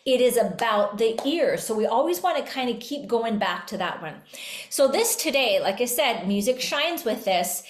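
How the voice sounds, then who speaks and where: Lively woman host in a roomy echo. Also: on the high side, moderate pace. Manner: lively, breaks into sung examples. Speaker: podcast host and music educator. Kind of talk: casual teaching talk.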